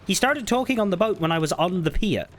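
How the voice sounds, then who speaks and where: A man's voice: high-pitched, animated, quick pace. A man streaming a game, commenting casually with exasperated, swearing jokes.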